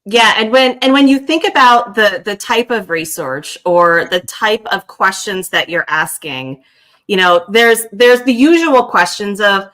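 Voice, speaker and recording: A woman co-hosting a casual talk show, easygoing and quick to laugh. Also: mid-range voice, a bit bright. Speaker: co-host. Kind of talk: casual podcast chat.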